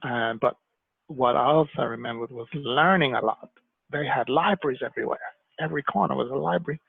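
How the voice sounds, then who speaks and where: Man from Jamaica, interview guest, animated storyteller, very gravelly voice, dry tinny phone-like sound. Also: mid-range voice, a little fast, no echo.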